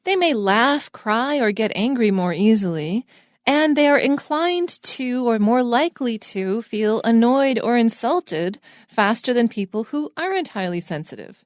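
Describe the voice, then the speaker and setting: A woman's voice: fairly high pitch, expressive, a little slow, no room sound, studio quality. A woman co-hosting an English lesson, reading example sentences and adding joking asides. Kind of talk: casual lesson banter.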